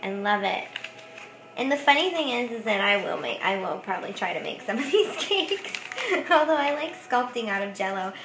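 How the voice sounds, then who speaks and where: A woman's voice: mid-range voice, expressive, normal speed, background noise. A woman craft vlogger chatting casually about thrift finds, giggling often and saying "like" a lot. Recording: echoey room.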